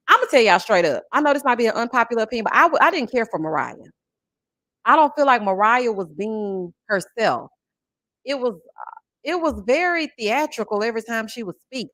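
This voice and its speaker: A woman, chatting on a livestream about reality TV and reading viewer messages in a sassy, animated way. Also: fairly high pitch, no room sound, studio quality. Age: 40s. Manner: sassy, animated, calls viewers honey and child. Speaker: YouTube reality-TV reviewer. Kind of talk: casual livestream chat reading super chats.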